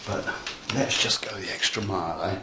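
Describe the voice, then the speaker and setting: A man's voice: sits low, normal speed. Chatty, enthusiastic hobbyist man in an echoey room. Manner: chatty, playful and enthusiastic, talks to viewers while working. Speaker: model railroad hobby instructor. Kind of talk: casual hands-on tutorial. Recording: echoey room with faint noise.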